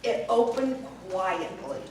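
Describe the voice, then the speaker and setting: A woman reading a folk tale aloud in a slow, expressive way, heard from far off in an echoey event hall. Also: mid-range voice, a little hiss or hum. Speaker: storyteller. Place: event hall at a senior center fair.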